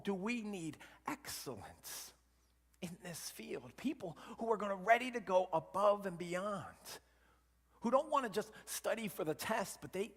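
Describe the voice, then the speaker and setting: A man delivering a sermon in a church sanctuary, his voice a little high for a man. He moves from forceful emphasis to soft, hushed whispers. A long hall reverb trails after his words. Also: breathy edge. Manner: dynamic preaching, swinging from loud emphasis to hushed whispers. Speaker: pastor.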